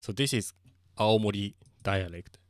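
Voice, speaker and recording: A man's voice: fairly low pitch, a little slow, dry recording. A young Japanese man streaming casually, speaking English with a Japanese accent, hesitant and often searching for words, slipping into Japanese. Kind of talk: casual live-stream chat.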